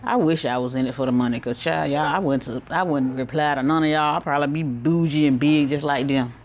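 A woman vlogging outdoors on her back porch, talking candidly and warmly to her viewers in a chatty, heartfelt way. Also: low voice, brisk. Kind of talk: casual vlog talk to camera.

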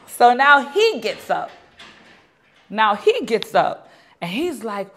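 A young adult woman being interviewed, telling a long story in a lively way and acting out the people in it. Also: mid-range voice, slow. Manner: animated, acts out quoted dialogue. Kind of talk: storytelling anecdote.

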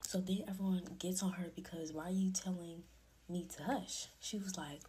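A woman telling a dramatic group chat story late at night, talking low and lively, with whispered asides. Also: normal speed, noisy background. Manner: animated gossip, drops to whispers for quoted lines. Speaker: storytime creator. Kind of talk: casual storytime.

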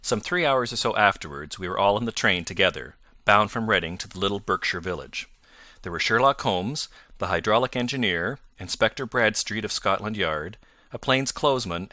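A man reading a classic story aloud as an audiobook narrator, his voice fairly low but bright and forceful. He keeps a steady, clear storytelling pace. The recording is close and dry with no room sound. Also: dry recording. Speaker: audiobook reader. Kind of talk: scripted narration.

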